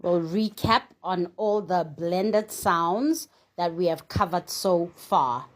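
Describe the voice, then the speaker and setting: A woman's voice: fairly low pitch, slow, hardly any pauses. A woman teaching a phonics lesson, sounding out each letter and then saying the whole word. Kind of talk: slow, deliberate phonics lesson.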